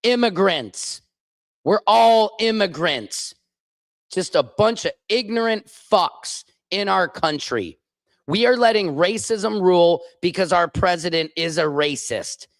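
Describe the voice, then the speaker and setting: Furious, slow-spoken male comedian ranting. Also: sits high, animated, no echo. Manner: furious, profane, emphatic. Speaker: comedian and show host. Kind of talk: angry political rant on a stream.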